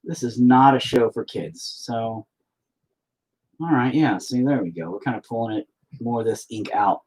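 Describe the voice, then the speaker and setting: A man paints at home near the dining table while streaming, chatting casually, rambling, swearing often and joking around. His medium-pitched voice is husky and darkish, at a normal speed. The recording is low quality.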